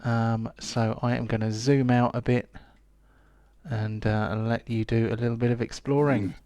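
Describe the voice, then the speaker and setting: A man acting as game master, calling rolls in a measured, often quiet voice. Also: mid-range voice, little pitch movement, no room sound. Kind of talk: running a tabletop game.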